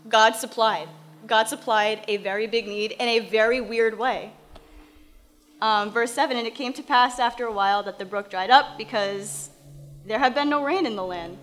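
A woman's voice: on the high side, normal speed, a bit bright, soft background music. A woman teaching from the Bible, reading verses aloud and then explaining them in a casual, conversational way.

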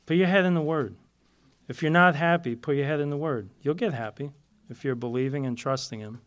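A man's voice: a little high, brisk. A man giving an informal Bible teaching to a fellowship, chatty and self-deprecating, laughing often and repeating key words for emphasis.

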